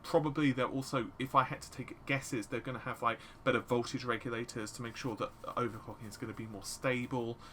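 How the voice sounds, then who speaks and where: A man co-hosting a casual tech podcast, excitable and quick to jump in with jokes. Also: mid-range voice, slight background noise. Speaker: podcast co-host.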